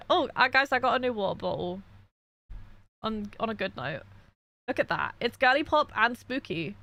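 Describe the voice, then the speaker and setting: A woman's voice: on the high side, lively intonation, moderate pace, vocal fry, sharp tone. A young woman streaming from her bedroom, tearful after crying, venting frankly to her chat and reading messages aloud in casual talk.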